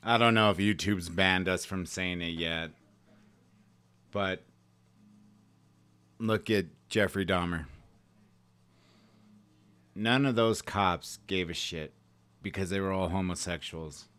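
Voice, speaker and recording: A man with a lowish voice chimes in with blunt, profane reactions. He sounds loose and unfiltered, like a casual co-host. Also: fairly even intonation, takes it slowly, long pauses, a bit bright, smooth. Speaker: podcast co-host. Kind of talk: casual chat.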